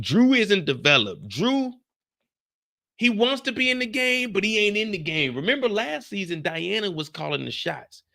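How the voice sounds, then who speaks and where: Gravelly, animated male streamer. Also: fairly high pitch. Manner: animated, profane storytelling to chat. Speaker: streamer recapping a TV episode. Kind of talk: live-stream episode recap.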